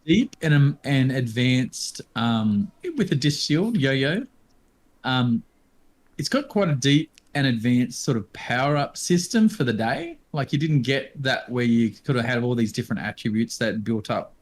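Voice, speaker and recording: A man in his fifties co-hosts a podcast, chatting casually and hesitantly with lots of ums and restarts. His medium-pitched voice is animated and a little slow.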